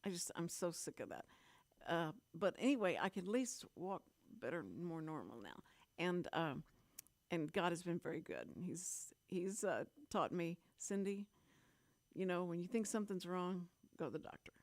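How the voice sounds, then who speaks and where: Lively woman hosting a radio chat. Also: lowish voice, no room sound. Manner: animated, quick to laugh and react. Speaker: radio show host. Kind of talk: casual chat.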